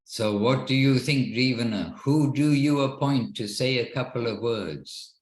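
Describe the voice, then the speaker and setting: A man's voice: mid-range voice, unhurried, echoey room, poor audio. A man leading an online devotional class over a video call, talking in an earnest, rambling way with frequent restarts. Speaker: class leader. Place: home in Wexford, Ireland, on a video call.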